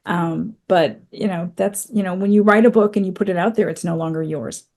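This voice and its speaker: A woman's voice: fairly low pitch, brisk, a little mellow. A woman in her fifties from New England, a guest author chatting about her novel. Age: 50s. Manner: chatty, with frequent fillers and restarts. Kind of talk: casual interview chat.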